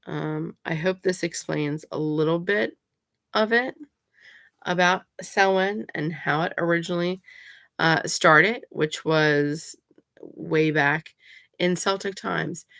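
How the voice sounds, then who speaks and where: A woman talks slowly and chattily in a low, bright-edged voice. She leans hard on her points, and her words sound dry and close with no room around them. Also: gravelly, no room sound. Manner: emphatic and insistent, chatty with many fillers. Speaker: pagan vlogger. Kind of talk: casual explanatory talk.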